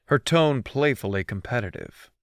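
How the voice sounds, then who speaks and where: A man's voice: medium pitch, lively intonation, moderate pace, no echo, studio quality. Man narrating a teasing audiobook. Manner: teasing, mischievous. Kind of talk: first-person scripted narration.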